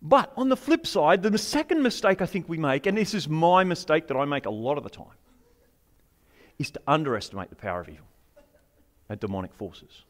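Male preacher, high voice, jokey and conversational, throws questions at the congregation. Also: sing-song, a little fast. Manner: humorous, conversational, asks the audience questions. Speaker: pastor. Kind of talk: sermon.

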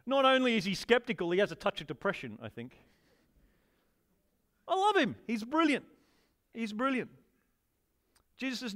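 A man's voice: extremely high pitch, wildly swooping pitch, normal speed, long pauses, a bit bright. A man preaching a sermon to a congregation, enthusiastic and conversational, often turning questions to the listeners. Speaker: pastor.

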